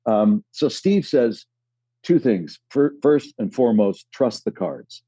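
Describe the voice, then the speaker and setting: A male guest telling stories in casual chat, animated and acting out other people's voices. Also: medium pitch, slow pace, slightly rough, no echo, highs cut off.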